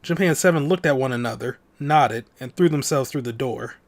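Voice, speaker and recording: A man's voice: medium pitch, a little fast, a little hiss or hum. A man hosting a let's play, reading a visual novel's text aloud in a dramatic voice and dropping in casual comments. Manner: dramatic read-aloud broken by offhand comments.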